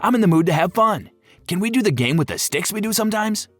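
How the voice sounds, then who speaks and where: An overexcited pet dog gushes in a high, bouncing voice, as a man puts it on. The exclamations tumble out breathless and eager. The sound is dry, with faint music underneath. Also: expressive, fast talker, no room sound. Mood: excited.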